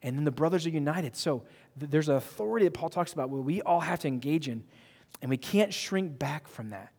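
A male pastor delivers a lively sermon, emphatic and playful with the people in front of him. His voice sits a bit higher than most men's. The sound carries a long reverb from the church hall. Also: fairly quick. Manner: animated, emphatic, joking with the congregation. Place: church sanctuary.

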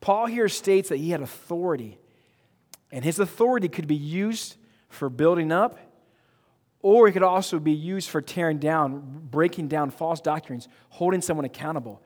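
A male pastor delivers a lively sermon, emphatic and playful with the people in front of him. His voice sits a bit higher than most men's. The sound carries a long reverb from the church hall. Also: normal speed. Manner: animated, emphatic, joking with the congregation. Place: church sanctuary.

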